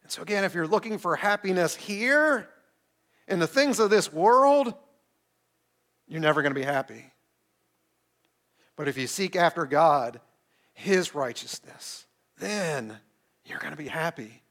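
Speaking to an online chat during a streamed service, this pastor preaches in a high, bright voice at a measured pace with long pauses. His easygoing, playful delivery keeps circling back to questions he asks the audience and answers on his own.

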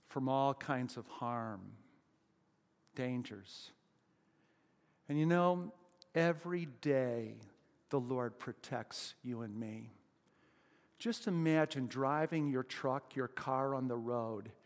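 Slow, emphatic preacher in a reverberant hall. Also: male voice, medium pitch. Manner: emphatic, with loud rising exclamations and questions put to the congregation. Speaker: pastor. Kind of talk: sermon.

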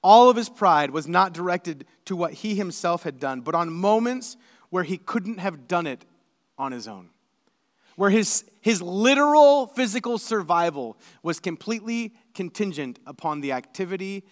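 A male pastor preaching a sermon, animated and building to emphatic, shouted lists. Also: sits high, moderate pace, long reverb tail.

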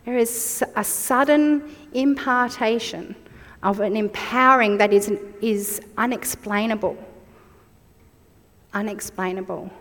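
A woman in her forties delivers a sermon at a slow, unhurried pace, her voice sitting a little high. She speaks reflectively and personally, and a long reverb trails behind her words in a church hall. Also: a bit bright. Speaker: preacher.

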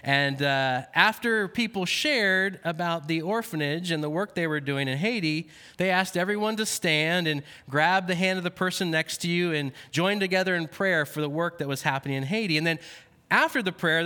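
Male pastor, sermon, anecdotal and self-deprecating, fillers, bright tone, smooth clear voice. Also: on the high side, normal speed. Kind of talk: sermon with scripture reading. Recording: long hall reverb.

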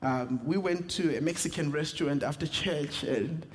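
A man's voice: a little high, normal speed. A young South African man, a pastor, preaching a sermon with humor and personal stories. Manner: storytelling with humor, animated asides. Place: church sanctuary. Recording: reverberant church hall.

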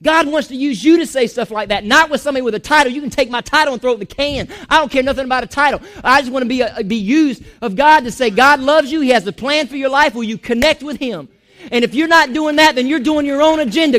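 A man preaching a sermon in a church, animated, joking and going off on asides. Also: very high-pitched, quick pace. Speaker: pastor.

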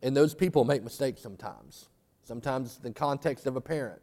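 Pastor, mid-pitched, folksy sermon storyteller who climbs to fervent emphasis, long hall reverb. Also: male voice, a little fast, darkish tone.

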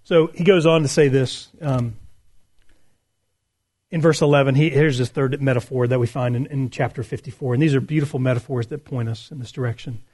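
A man's voice: medium pitch, steady tone, a little fast, a little mellow. A man preaching a conversational sermon, reading scripture aloud and explaining it. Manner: conversational, with fillers and restarts. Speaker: pastor.

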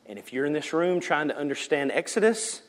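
A man's voice: a little high, very animated, a little fast. Man preaching in an echoey church. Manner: dynamic preaching, swings from shouts to whispers. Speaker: pastor. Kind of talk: sermon. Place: church sanctuary. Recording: church hall reverb.

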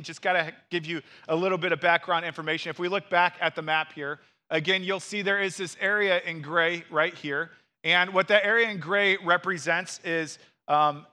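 A male pastor delivering an expository sermon in an earnest, explanatory way. His voice is high and bright. He drops in quick asides to the listeners.

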